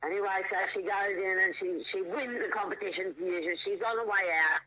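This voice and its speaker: Man, riding coach, high voice, very bright and sharp tone, animated storytelling, shifting pace. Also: fairly quick, dull audio. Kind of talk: storytelling in a casual interview.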